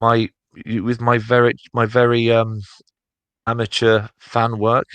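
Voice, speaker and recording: A man's voice: medium pitch, completely flat delivery, a little slow, a bit bright, clear, resonant tone, dry recording, lo-fi sound. A man co-hosting a casual podcast chat, rambling with many fillers and restarts. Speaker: podcast co-host.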